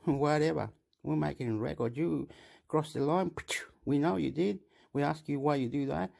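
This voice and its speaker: A man talks off the cuff in a gravelly, slightly high voice. He rambles from point to point, breaking into chuckles and dropping casual swear words. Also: moderate pace, warm tone. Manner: rambling, laughs often, swears. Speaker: commentator.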